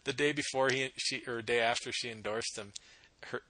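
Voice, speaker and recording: A man hosting a casual podcast, wry and quick to laugh, running through stats and opinions. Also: medium pitch, fairly even intonation, bright, forceful tone, no room sound. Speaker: podcast host. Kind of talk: casual sports and politics chat. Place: home with dogs.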